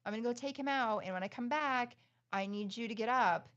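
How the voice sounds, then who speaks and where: A woman's voice: a little high, fairly quick, a bit bright, muffled recording. A middle-aged woman co-hosting a podcast in casual chat, upbeat and chatty, laughing often. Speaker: podcast co-host.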